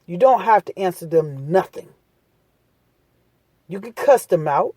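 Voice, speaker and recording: A woman's voice: on the low side, expressive, measured pace, mellow, slightly rough, no room sound. A woman talking straight to her viewers in a casual, impassioned monologue, blunt and preachy, hammering her points home by repeating them. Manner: street-talk, blunt. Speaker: vlogger giving advice.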